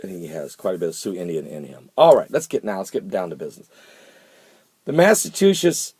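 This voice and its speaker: Brief: man, casual vlogger, a little tired, husky, dry close sound. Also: low voice, lively intonation, fast, warm tone, dry recording. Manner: chatty, exclaims in disbelief, repeats himself. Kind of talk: casual video blog commentary.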